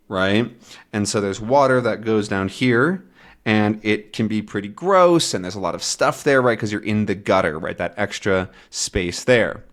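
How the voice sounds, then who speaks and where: A man's voice: medium pitch, a bit bright. A man teaching English with a comic, explaining patiently and rephrasing words in simple terms. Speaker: English teacher and channel host. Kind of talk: slow explanatory language lesson.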